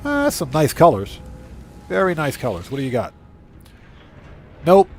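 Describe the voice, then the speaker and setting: A man streaming a video game live, chatting casually, reading viewers' messages aloud and thanking them, with his voice going hoarse. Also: on the high side, huge pitch swings, unhurried, a little hiss or hum. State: losing his voice. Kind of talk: casual live gameplay chat.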